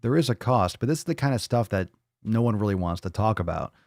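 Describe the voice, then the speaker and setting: A man's voice: lowish voice, lively intonation, quick pace, a little mellow, dry recording, clean studio sound. A man hosting a casual livestream, talking bluntly and rambling, swearing freely as he reads and answers viewer comments. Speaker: livestream host.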